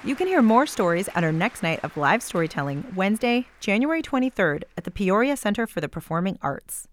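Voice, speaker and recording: A woman's voice: mid-range voice, very animated, fairly quick, no room sound. Woman reading a dry event announcement. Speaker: storytelling project creator. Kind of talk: scripted announcement.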